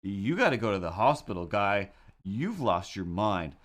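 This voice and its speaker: A man's voice: fairly low pitch, big pitch swings, moderate pace. A man streaming live, telling a story in a casual, rambling and wry way with self-mocking asides. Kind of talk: casual chat while drawing on a livestream.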